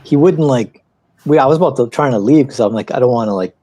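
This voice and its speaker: Man, casual livestream chat, rambling anecdotes, mellow tone, dry sound. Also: mid-range voice, fast, no room sound. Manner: rambling storyteller, animated retelling of anecdotes. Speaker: co-host of an art livestream.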